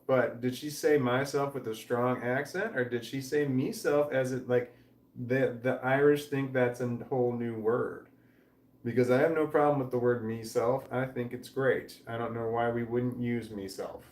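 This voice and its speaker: A man in his forties hosting a home livestream, chatting in a rambling way, trailing off and swearing casually as he reads viewer comments. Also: medium pitch. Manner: meandering, trails off mid-sentence, swears casually. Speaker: livestream host reading chat. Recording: roomy, distant mic with faint background noise.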